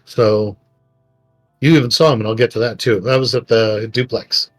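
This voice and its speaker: A middle-aged man, a podcast co-host, telling personal stories in a rambling, animated way and acting out quotes. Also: medium pitch, normal speed. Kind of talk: casual storytelling chat. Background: faint background music.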